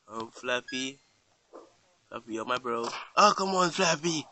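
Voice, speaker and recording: A man hosting casual gameplay commentary, excitable, chatting to the game character and crying out in dismay. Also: mid-range voice, measured pace, pauses often, a little hiss or hum. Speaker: gaming channel host.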